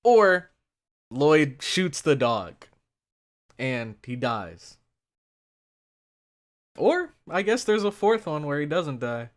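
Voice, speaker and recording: Slow man thinking aloud. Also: fairly high pitch, big pitch swings. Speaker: anime reactor.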